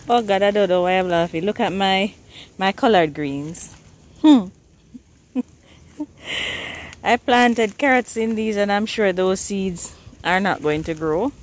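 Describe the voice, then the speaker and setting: A woman's voice: mid-range voice, takes it slowly, long pauses. A woman from Jamaica with a Jamaican accent, chatting casually and laughing often as she walks through her outdoor container garden. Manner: chatty, laughs often while showing plants. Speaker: gardening vlogger. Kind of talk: casual garden walkthrough vlog.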